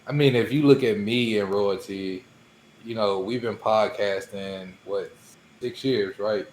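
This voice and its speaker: Man, podcast co-host, modest measured talk, roomy echo, faint background hum. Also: lowish voice. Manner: modest, measured, calls his own voice weak. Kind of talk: casual podcast chat.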